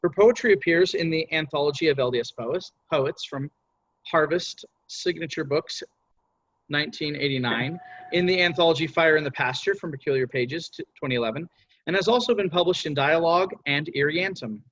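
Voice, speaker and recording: A slightly high-voiced man reads a formal introduction at an even, steady pace. The sound is dry and lo-fi, dull at the top. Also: fairly quick, dry recording. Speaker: panel moderator. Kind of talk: reading a speaker introduction.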